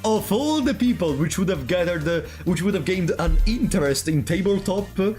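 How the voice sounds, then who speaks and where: A man's voice: high voice, expressive, moderate pace, darkish tone, soft background music. A man streamer reacting live to a game, laughing a lot and playfully protesting.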